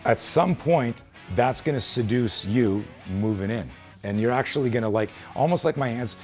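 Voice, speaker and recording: A man's voice: fairly low pitch, a little mellow. A man teaching self-defense in a hands-on demonstration, blunt and emphatic with plenty of swearing.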